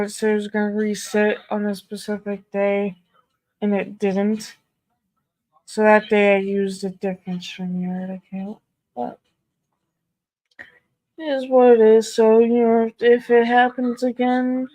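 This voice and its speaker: A young woman talks to her stream in an unhurried, drawn-out way, swearing constantly and reacting with exclaimed disbelief. Her voice sits at an ordinary pitch for a woman. The sound is dry and close, with no room echo. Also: dark tone. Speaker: live streamer. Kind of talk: casual live-stream chat.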